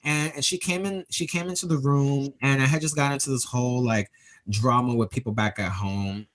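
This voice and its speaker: A young man, a podcast guest, telling an earnest personal story in conversation, animated and emotional, acting out what others said. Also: mid-range voice, a little fast, poor audio. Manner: earnest, animated storyteller who acts out quoted speech.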